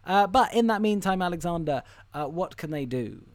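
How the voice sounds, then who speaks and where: A man's voice: sits high, lively intonation, normal speed. A young man co-hosting a casual film podcast, swearing and mocking himself as he rambles through stories with lots of fillers. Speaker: podcast co-host.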